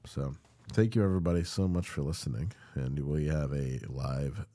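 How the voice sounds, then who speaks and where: Man, very low voice, podcast co-host, unwell, short reactions, faint music. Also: normal speed, mellow. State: feeling unwell. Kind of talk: casual chat.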